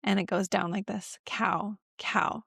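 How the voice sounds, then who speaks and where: A woman's voice: mid-range voice, fairly even intonation, measured pace, gravelly, fairly bright tone, husky, no echo, clean studio sound. A woman in her thirties teaching baby sign language at home, slipping into sing-song baby talk to model each sign. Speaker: parenting educator.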